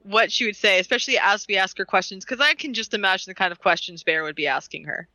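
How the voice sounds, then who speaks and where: Woman, podcast co-host, very bright voice, giggly, rambling, lots of fillers, dry close sound. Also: mid-range voice, fast talker, no echo, rough recording. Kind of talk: casual podcast chat.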